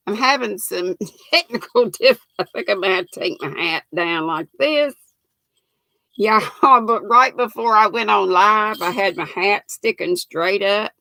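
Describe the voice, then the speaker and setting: Hosting a live craft stream, this woman speaks in a gravelly mid-range voice that's pushed and bright, with no room sound. Chatty and folksy, she laughs a lot, greets viewers by name, and calls them honey and sweet.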